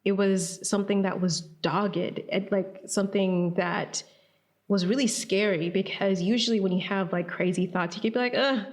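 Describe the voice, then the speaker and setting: A woman guest on an interview podcast tells her own story. She is animated and dramatizes quoted voices, and her pitch sits in a middle range. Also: moderate pace. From Atlanta, US.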